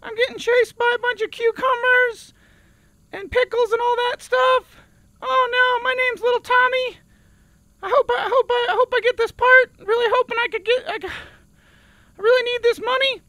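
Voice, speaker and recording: A man's voice: very high-pitched, flat delivery, normal speed, pushed and bright, no room sound. An actor playing an eager small male auditioner who reads in an earnest, pleading voice. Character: eager little guy auditioner named Little Tommy.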